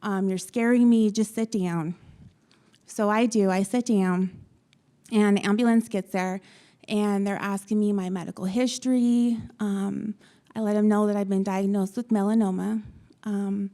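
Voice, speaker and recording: A young adult woman from Utah, a patient on a panel, telling her story to an audience with frequent pauses and ums. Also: mid-range voice, steady tone, warm tone. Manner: halting, many ums, retells dialogue. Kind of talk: personal story told to an audience.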